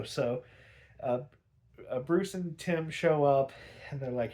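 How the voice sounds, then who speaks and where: A man's voice: medium pitch, takes it slowly, long pauses, warm tone. A young man casually recapping an episode, rambling with many fillers and frequent chuckles. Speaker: show reviewer.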